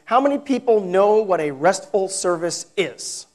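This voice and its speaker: A man's voice: high voice, lively intonation, a little slow. A man from New York with an American accent, giving a technical conference talk and joking with the audience. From New York, United States. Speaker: conference speaker. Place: large conference hall.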